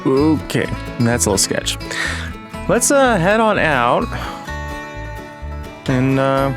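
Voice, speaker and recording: A man with a slightly hoarse, frog-in-the-throat voice, rambling casually with lots of ums and uhs as he hosts a farming game let's-play. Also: mid-range voice, big pitch swings, slow pace, over music. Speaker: gaming channel host.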